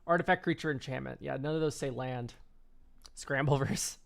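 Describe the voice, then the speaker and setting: A man's voice: medium pitch, moderate pace, creaky, a bit bright. A man streaming a casual card-game deck review, rambling and offhand, swearing and laughing easily.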